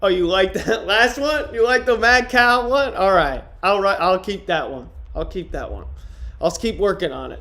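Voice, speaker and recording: A man streaming in casual livestream chat, trying out deadpan stand-up jokes on his viewers. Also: sits high, moderate pace.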